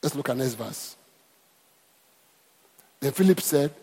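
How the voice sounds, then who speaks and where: Pastor preaching hard, repeats himself, husky, big echoey church sound. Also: male voice, mid-range voice, expressive, slow, pauses often, warm tone. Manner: emphatic with repetitions and calls to the congregation. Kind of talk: sermon.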